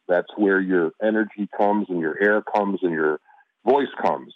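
A middle-aged man from Chicago tells stories in a loose, easygoing way and restarts his sentences as he goes. His voice sits a bit low. It comes over a narrow, phone-like line with no room sound. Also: normal speed, no room sound. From Chicago, USA. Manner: relaxed storytelling with restarts. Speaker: actor guest. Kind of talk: casual interview chat.

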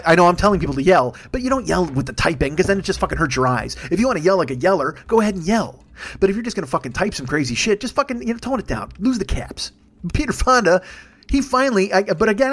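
Fast-talking, profane ranting man. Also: a little high, expressive. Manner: profane, fast, mocks opponents in put-on voices. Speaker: podcast host. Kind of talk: angry political rant.

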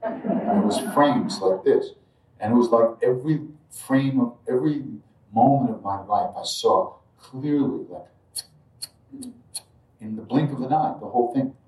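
A man telling a personal spiritual story to an audience in a reflective, halting way, with frequent asides. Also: mid-range voice, darkish tone. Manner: reflective, halting, many asides like "you know" and "right". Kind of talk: live storytelling talk to an audience. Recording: roomy echo, distant mic.

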